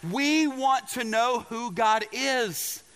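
High-voiced man preaching in a reverberant hall. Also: takes it slowly, fairly bright tone, clean tone. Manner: emphatic preaching with repeated words and questions to the audience. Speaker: pastor. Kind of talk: sermon.

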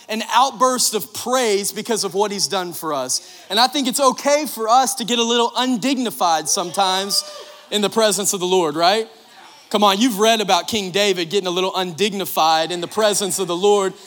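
A man's voice: sits high, a bit bright. A man in his thirties preaching a sermon, telling personal stories in a chatty way and often asking "right?". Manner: chatty storytelling with frequent "right?" and "like". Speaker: pastor. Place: church sanctuary. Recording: long hall reverb.

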